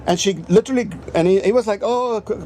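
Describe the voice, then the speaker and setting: This vlogger rambles through an anecdote in a casual storytelling rant, swearing constantly and profanely. His voice is high and mellow, delivered rapid-fire, with slight noise in the background.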